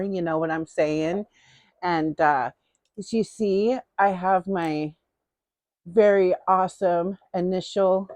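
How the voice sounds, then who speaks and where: A middle-aged woman hosts her own vlog in an unhurried, playful, chatty way, often saying a phrase twice. Her voice sits a bit low for a woman. The sound is dry and close, with no room echo. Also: a little mellow. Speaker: host. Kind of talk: casual haul vlog chat.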